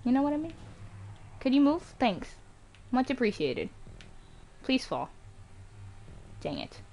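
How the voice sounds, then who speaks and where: A woman streaming a racing game live, reacting excitedly, yelping and groaning as she races, on a home mic with some static. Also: high voice, a little slow, creaky, muffled recording. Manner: excitable, yelps and groans at the race. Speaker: gaming streamer. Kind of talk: live gameplay commentary.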